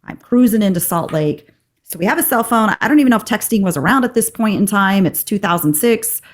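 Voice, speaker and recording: Woman telling an animated story. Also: mid-range voice, brisk. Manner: animated, acts out the people in her story. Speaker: podcast co-host. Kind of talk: casual storytelling chat.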